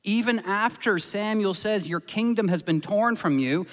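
A man's voice: high-pitched, moderate pace. A man preaching a sermon as pastor, impassioned and acting out the voices he quotes. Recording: long reverb of a church hall.

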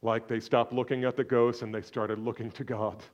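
A man preaching a sermon, swinging from loud, exclaiming questions to hushed, almost whispered lines. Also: medium pitch, flat delivery, normal speed, muffled recording. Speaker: pastor.

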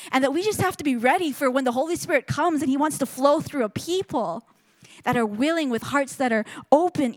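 A woman telling a testimony at a church service, earnest and storytelling, often restarting her sentences. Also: a little high. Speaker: speaker sharing a testimony. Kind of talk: sermon testimony.

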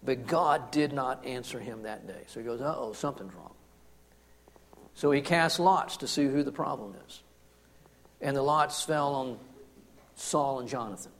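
A man preaching a sermon, commenting on scripture in an emphatic way that swings from hushed to forceful. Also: mid-range voice, unhurried. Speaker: pastor.

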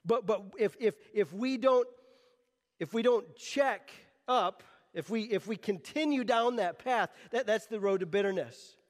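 A male pastor preaching a sermon, earnest and animated, often restarting his phrases. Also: high voice, unhurried, in a large hall.

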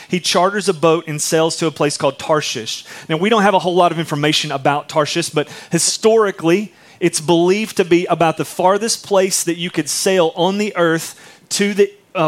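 Male pastor, higher voice, conversational storytelling sermon. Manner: conversational, animated storytelling with frequent asides.

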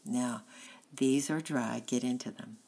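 A woman reading aloud as a motherly farmer's wife who gently chides a boy. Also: extremely low pitch, unhurried, gravelly, slightly rough, heavily acted. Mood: gentle. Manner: gentle, homely reproof.

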